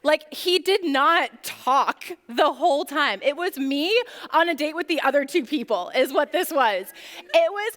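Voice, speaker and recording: Young woman, youth group speaker, high voice, chatty storytelling, lots of "like", long hall reverb. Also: animated, measured pace, fairly bright tone. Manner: chatty storytelling full of "like" fillers. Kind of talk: casual youth group talk. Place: church youth room.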